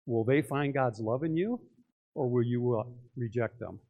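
A man's voice: medium pitch, normal speed, phone-quality sound. A male pastor preaching a sermon in church, talking conversationally and putting many questions to his listeners.

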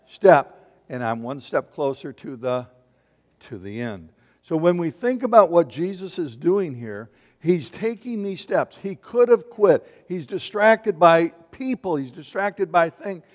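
A man preaching a sermon in a lively, conversational way, asking the congregation questions and acting out little voices. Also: a little high, measured pace. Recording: long hall reverb.

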